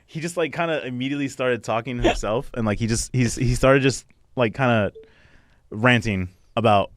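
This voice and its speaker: Man, casual podcast chat, storytelling, laughs often, does little voices, dry close sound, mid pitch. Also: moderate pace, no echo. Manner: laughs often while telling stories; acts out other people's lines in quotes. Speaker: podcast co-host.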